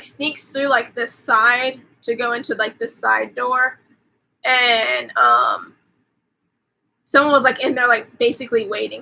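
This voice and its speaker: A woman's voice: on the high side, gravelly, bright, forceful tone, low-quality recording. A woman hosting a livestream, casually retelling a film's plot, with "like" in nearly every phrase and offhand swearing. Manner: rambling, fills every pause with "like", swears casually. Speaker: host. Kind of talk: casual movie recap on a livestream.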